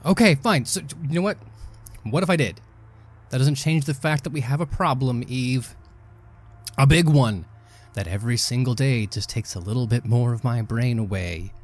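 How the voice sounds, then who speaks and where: Guy talking in character at a tabletop game, earnest and pleading, mid pitch. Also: normal speed. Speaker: player.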